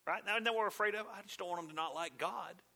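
A male pastor preaching a sermon, dropping to hushed asides and rising to loud, insistent emphasis. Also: high voice, rapid-fire, creaky.

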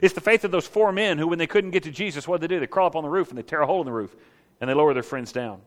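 A man preaching a sermon in an animated way, asking the congregation rhetorical questions and acting out the scene. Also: on the high side, rapid-fire, long reverb tail. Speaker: pastor.

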